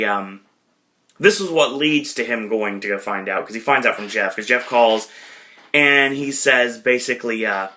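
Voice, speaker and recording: Chatty man with a bright voice. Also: mid-range voice. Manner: rambling, lots of fillers, slipping into quick impressions. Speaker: podcast host. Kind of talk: casual movie recap.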